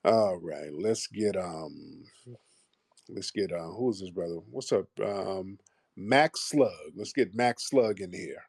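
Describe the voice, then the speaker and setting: Low, husky-voiced combative male host. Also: slow, a little mellow, no room sound, clean studio sound. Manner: combative, trades insults and mockery with callers. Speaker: host of a live audio call-in show. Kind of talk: casual call-in chat.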